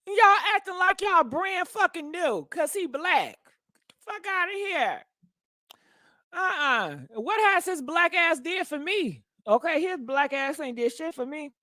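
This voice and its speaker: Hosting a casual gossip commentary, a woman speaks in a high, bright voice, blunt and sassy, with plenty of swearing. The recording is dry and close-miked.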